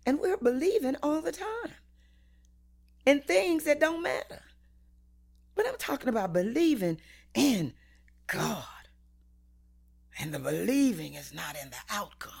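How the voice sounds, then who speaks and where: A woman preaching a sermon in a rhythmic, repetitive cadence, swinging between hushed whispers and loud cries. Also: sits low, sing-song, unhurried, creaky, pauses often.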